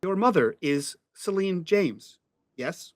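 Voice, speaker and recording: A man's voice: sits high, animated, takes it slowly, no room sound, studio quality. A man voicing a computer in a tabletop game, asking formal, clipped questions. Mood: interrogating. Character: terse questioning computer, genderless.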